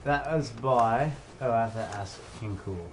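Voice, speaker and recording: A man co-hosting a charity stream in casual chat, relaxed as he shows things off. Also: medium pitch, a little slow, slight background noise. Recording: crowd chatter behind.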